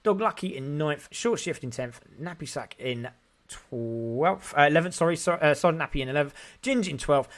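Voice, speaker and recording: A man doing live sim racing commentary, excitable and climbing with the action, his voice tiring and hoarse. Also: fairly high pitch, normal speed. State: voice going hoarse.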